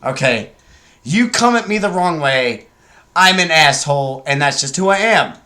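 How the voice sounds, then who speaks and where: Young male co-host: bright, edgy, slightly high voice, brash and profane, casual podcast chat. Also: lively intonation, moderate pace.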